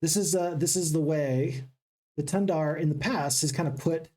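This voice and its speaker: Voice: medium pitch, moderate pace, dark tone. A gaming channel host giving upbeat, casual let's-play commentary and chatting with viewers.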